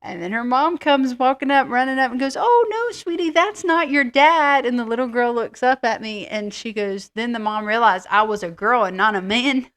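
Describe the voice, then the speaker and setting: A woman's voice: a little high, fairly even intonation, brisk, few pauses, fairly bright tone. A middle-aged woman co-hosting a casual chat, telling rambling, self-deprecating stories. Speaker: co-host.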